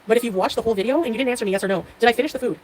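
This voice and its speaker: Woman, live-stream host, rapid speech, sarcastic, laughs a lot, faint hiss behind her. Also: a little high, darkish tone, poor audio. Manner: sarcastic, laughs often, answers commenters by name. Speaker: livestream host reading chat. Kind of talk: casual live-stream chat.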